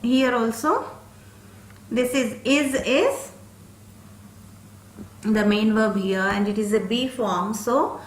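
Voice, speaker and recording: A woman's voice: a little high, slow pace, long pauses, echoey room, slight background noise. A woman teaching an English grammar lesson, explaining step by step and checking in with "okay?" after each point.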